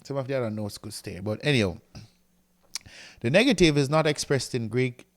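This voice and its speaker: A man's voice: mid-range voice, lively intonation, a little fast. Guy teaching grammar, walks through it step by step, keeps asking "right?", writing on the board as he goes. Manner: explains step by step, often checks with "right?"; reads from a textbook and writes on a board. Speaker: Greek teacher. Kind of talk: recorded classroom lecture.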